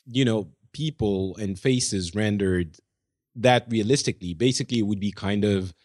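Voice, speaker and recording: Man, lowish voice, dry close sound, measured and reflective podcast talk. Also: a little mellow, no room sound. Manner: thoughtful, measured, hesitant restarts. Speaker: podcast co-host. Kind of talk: casual gaming podcast chat.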